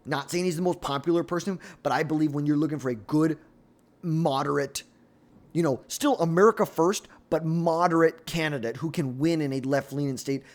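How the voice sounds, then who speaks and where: A man giving solo political commentary, blunt and opinionated, with exasperated asides. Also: a little high.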